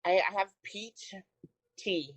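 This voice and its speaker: A woman co-hosting a podcast remotely, telling stories in an unhurried casual way. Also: mid-range voice, husky, no room sound, poor audio. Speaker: podcast co-host. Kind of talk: casual chat.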